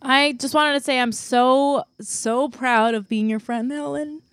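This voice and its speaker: A woman co-hosting a podcast, rambling warmly and near tears as she talks. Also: high-pitched, steady tone, a little slow, smooth, no echo, clean studio sound. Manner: tearful, rambling, self-deprecating. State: close to tears. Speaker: podcast co-host. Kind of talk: emotional casual chat.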